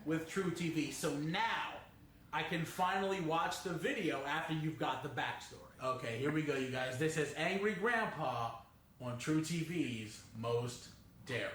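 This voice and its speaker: A man hosting a reaction video, telling a long backstory in a casual, animated way and often laughing mid-sentence. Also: fairly high pitch, measured pace, echoey room, slight background noise.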